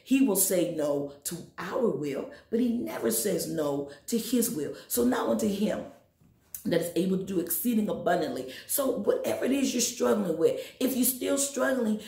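A woman teaching Sunday school in an emphatic preaching style, talking straight to her listeners and breaking into sudden high exhortations. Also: mellow, reverberant. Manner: addresses listeners directly. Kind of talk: sermon.

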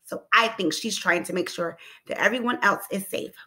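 A woman teacher reading a storybook aloud to children, expressive and asking them encouraging questions. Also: medium pitch, moderate pace, few pauses. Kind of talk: storybook read-aloud lesson.

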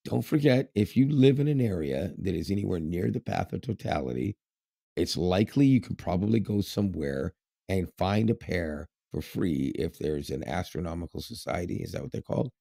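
A man's voice: sits low, expressive, moderate pace, vocal fry, dark tone, no echo, studio quality. A man co-hosting a podcast in casual chat, rambling with lots of fillers and laughs. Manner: rambling, laughs often, many fillers and restarts. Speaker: podcast co-host.

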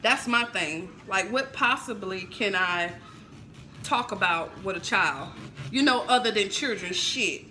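Chatty woman with a bright voice. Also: mid-range voice, unhurried, slight background noise, poor audio. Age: 30s. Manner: chatty, laughing, swearing freely. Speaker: vlogger. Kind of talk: casual cooking vlog chat. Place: home kitchen.

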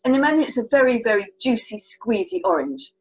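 In a lo-fi recording, an English woman with a British accent teaches kids colour signs, her high-pitched voice fairly quick, breathy-edged, and touched with vocal fry. As a signing tutor, she's chatty, playful, and encouraging.

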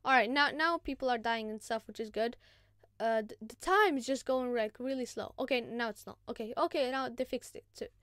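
A woman hosting a gaming channel, giving casual gameplay commentary in an excitable, chatty, self-mocking way. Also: fairly high pitch, fairly quick, smooth, dry recording, studio quality.

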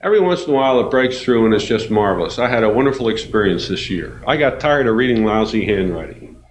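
A man, a university professor, giving a storytelling lecture, animated and acting out the voices in his anecdotes. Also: lowish voice, fast talker. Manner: animated, acts out quoted voices, chuckles. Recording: roomy hall with faint noise.

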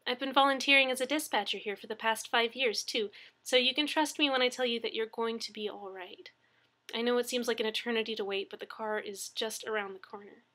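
A woman's voice: fairly high pitch, brisk, sharp tone. A woman voicing a friendly female emergency dispatcher who talks in a chatty, reassuring way in an audiobook reading.

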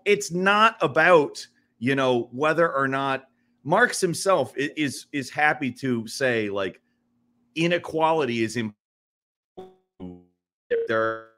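Podcast guest dude, bright voice, rambles n restarts a lot. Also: male voice, mid-range voice. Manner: rambling, restarts often, laughs easily, animated when worked up. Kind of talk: casual podcast chat.

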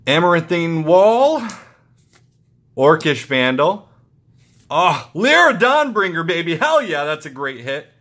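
A young man excitedly opening trading card packs for his channel, muttering card names with sudden yelps of delight. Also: slow, pauses often. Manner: excitable, muttering asides, jumpy pitch. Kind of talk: casual pack-opening commentary.

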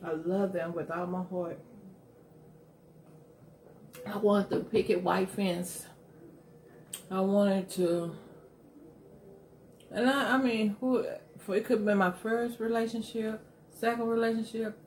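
Middle-aged woman, eating-show host, casual and emphatic, mid-pitched, faint ambience behind her. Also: fairly even intonation, slow pace, pauses often, a little mellow, slight background noise. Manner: candid, emphatic storytelling. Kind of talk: casual chat while eating.

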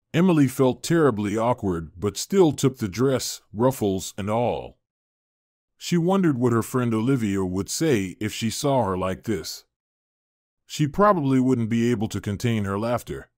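A man narrating a scripted story in an even storybook reading style. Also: medium pitch, moderate pace, no echo, studio quality.

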